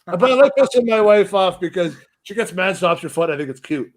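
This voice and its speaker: A man's voice: high voice, animated, a little fast. A man chatting on a casual podcast, telling stories in a rambling, profane way. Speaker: guest.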